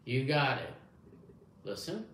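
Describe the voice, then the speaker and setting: Here a man's mid-range, fairly bright voice swings hugely in pitch as he talks slowly. He's running a hearing test demonstration, encouraging the listener like a young child. The recording carries room echo and faint background noise.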